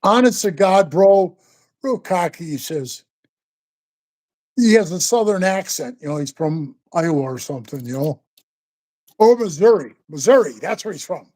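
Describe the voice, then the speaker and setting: Mellow-voiced older man, rambling and profane. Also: high-pitched, animated, moderate pace. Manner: rambling, profane, keeps calling the listener bro. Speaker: interview guest, former biker club member. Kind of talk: casual storytelling interview.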